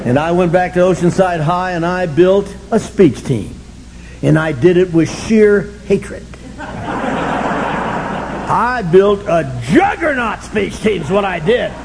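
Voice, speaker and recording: Animated older man telling wry stories. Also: high voice, slow, vocal fry, noisy background. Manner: animated, sardonic, bursts into shouting. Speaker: speaker sharing his story at a recovery meeting. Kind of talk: humorous confessional storytelling.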